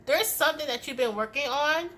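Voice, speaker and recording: A woman's voice: sits high, animated, a little fast, a bit bright, slight background noise. A young woman giving a casual tarot reading to camera, emphatic and swearing often, with many "okay?" tags as she delivers a tough-love pep talk. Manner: many "okay?" tag questions. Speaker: tarot reader.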